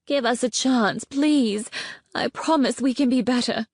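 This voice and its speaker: A woman voicing a young female dragon princess in an audiobook, pleading in a high, strained voice. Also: a little slow, no echo, studio quality. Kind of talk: audiobook character voice.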